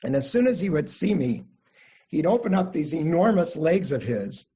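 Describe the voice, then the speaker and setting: An older man leads an online study class, his voice pitched a little high and slightly husky. He tells family stories in a friendly, conversational way and livens up the voices he quotes. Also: normal speed. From United States (Midwest). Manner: warm anecdotal storytelling, animated quotes. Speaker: Jewish studies teacher. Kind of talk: online class lecture with storytelling.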